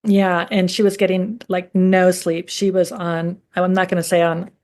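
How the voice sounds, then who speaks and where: A woman's voice: fairly low pitch, little pitch movement. Encouraging woman co-hosting a chat. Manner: warm, encouraging, quick to react. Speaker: podcast co-host. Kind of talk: casual interview chat.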